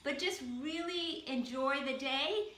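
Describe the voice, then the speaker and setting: A woman from the Boston area hosting a casual cooking demo and giving relaxed healthy-eating advice with frequent ums. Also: high-pitched, measured pace, echoey room. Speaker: health program host.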